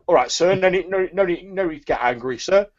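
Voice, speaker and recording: A man's voice: high-pitched, quick pace, lo-fi sound, over a noisy crowd, pitched above the performer's own voice, close to an everyday voice. Man putting on a jittery fawning market woman. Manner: stammering, servile, calls everyone sir. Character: nervous fawning woman turnip seller.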